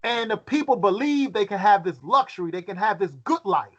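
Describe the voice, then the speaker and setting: With an expressive, high voice, a man reads scripture aloud at a Bible study and asks his listeners questions, occasionally pausing to repeat words as he works out his thoughts. The audio sounds lo-fi.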